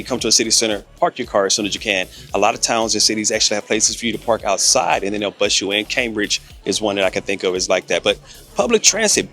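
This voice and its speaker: A man's voice: on the low side, sharp tone, slightly rough. An American man giving earnest, emphatic advice in a vlog to camera, stretching out key words for emphasis. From United States. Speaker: vlogger.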